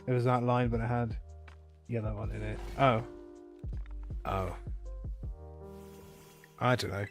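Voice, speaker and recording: A man's voice: medium pitch, steady tone, slow, vocal fry, soft background music. A man chatting casually with viewers during a live game stream, rambling and correcting himself as he goes.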